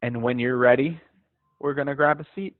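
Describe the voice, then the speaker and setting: A man coaching a live stretching class in a relaxed, encouraging voice, chatting easily between cues. His voice comes through a narrow, phone-like video call with a dry, close sound. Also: mid-range voice, normal speed, no echo. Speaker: fitness instructor.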